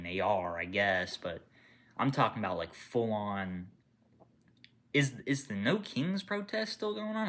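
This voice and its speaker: Angry, swearing man ranting to camera. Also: lowish voice. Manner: angry, profane, rambling with restarts; swings from mutters to loud outbursts. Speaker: gaming channel creator. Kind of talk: unscripted political rant to camera.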